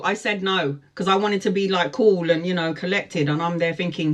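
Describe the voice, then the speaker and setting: A woman in her forties telling a personal story, lively, laughing often and acting out what people said. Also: on the low side, a little slow. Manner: lively, laughs often, acts out quoted speech. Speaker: tarot vlogger. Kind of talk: storytime chat.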